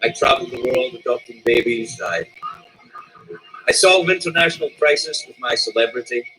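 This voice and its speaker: A middle-aged Scottish man performing stand-up comedy at a dinner, animated, with sudden shouted outbursts. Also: medium pitch, normal speed, slight background noise, rough recording. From Scotland.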